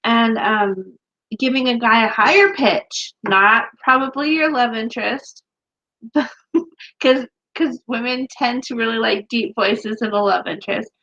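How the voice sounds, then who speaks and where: A woman's voice: fairly high pitch, unhurried, pushed and bright, highs cut off. A woman co-hosting a casual chat about writing, talking in a chatty way with many fillers and restarts. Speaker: podcast co-host, author.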